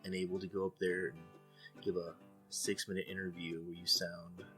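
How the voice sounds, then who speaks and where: Male co-host, art teacher, very low voice, relaxed and reflective explainer. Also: moderate pace, music in the background. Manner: easygoing, thoughtful, explains with many fillers. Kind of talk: casual chat about art.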